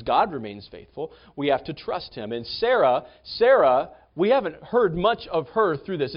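A male pastor with a fairly high voice preaches in a loose, conversational way, often doubling back and restarting his phrases as he tells the story. The recording sounds dull and lo-fi. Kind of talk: sermon.

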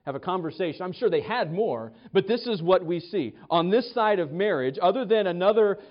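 A man's voice: high voice, expressive, fairly quick. A man preaching a sermon in a conversational way, often restarting and acting out quotes. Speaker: pastor. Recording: dull lo-fi sound.

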